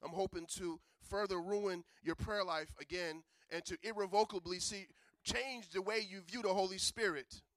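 A man preaching a sermon, chatty and joking, building to loud, emphatic preaching. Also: sits high, fairly even intonation, normal speed, no echo. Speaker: pastor.

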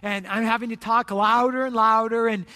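A pastor preaching a sermon, an animated storyteller whose voice rises loud in the busy parts and softens into slow appeals. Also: mid-range voice. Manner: animated storyteller, rising loud when retelling chaos; trails off into soft, slow appeals at the close.

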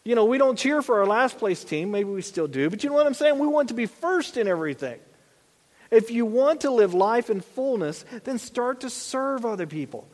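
A man's voice: extremely high pitch, big pitch swings, normal speed. A man in his thirties preaching a sermon as pastor, in a conversational way with frequent asides and restarts. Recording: long church reverb.

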